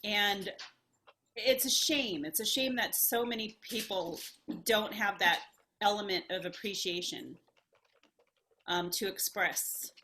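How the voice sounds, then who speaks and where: A woman sharing her thoughts in a casual group video call, thoughtful and hesitant, with many pauses and fillers. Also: mid-range voice, pushed and bright, slight background noise. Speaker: study group participant.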